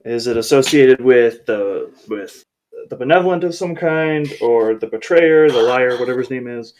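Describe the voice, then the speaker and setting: A man's voice: medium pitch, normal speed, a little mellow. A man playing a tabletop game, casually joking and pressing the game master with questions. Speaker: player.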